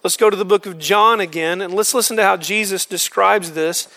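A man's voice: sits high, fairly quick, hardly any pauses, bright, forceful tone. A man leading a men's Bible study, explaining scripture earnestly and using homespun examples.

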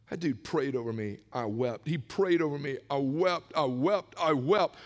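High, lively preacher in a reverberant church. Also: male voice, measured pace, hardly any pauses. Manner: animated storytelling, swinging from hushed to shouting. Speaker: pastor. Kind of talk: sermon with personal testimony. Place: church sanctuary. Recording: long reverb of a large church hall.

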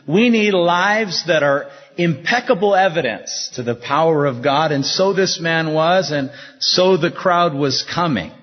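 A husky man preaching a sermon, building emphasis through rhetorical questions. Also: a little high. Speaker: pastor. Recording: dull echoey hall recording.

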